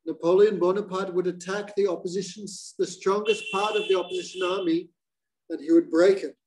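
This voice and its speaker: A man teaching a devotional class, recounting a sacred story with an animated, storytelling delivery. His voice sits a little higher than most men's. He briefly takes on the voices of the figures he quotes. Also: fairly quick, rough recording. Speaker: spiritual teacher.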